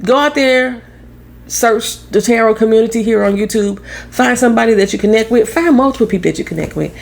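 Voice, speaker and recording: A young adult woman from St. Louis, now living in Florida, with a Midwestern accent gone a bit country, talking loud and blunt in a casual tarot vlog, swearing freely. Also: a little high, fairly quick, vocal fry. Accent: Southern-tinged Midwestern American. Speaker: tarot reader.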